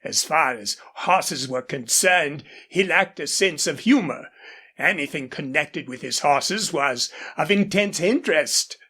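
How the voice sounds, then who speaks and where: A woman narrating an audiobook in measured scripted narration. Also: low voice, expressive, a bit bright, breathy edge.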